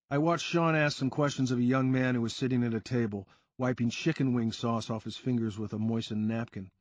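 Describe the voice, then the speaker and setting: A man reading a first-person crime story aloud in a steady storytelling delivery. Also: mid-range voice, dry recording, highs cut off. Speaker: audiobook narrator. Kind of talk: first-person scripted narration.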